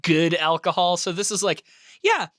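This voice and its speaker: Animated, bright-voiced male game master. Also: sits high, moderate pace, dry recording, studio quality. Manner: animated, laughs often while narrating. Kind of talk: narrating a tabletop game.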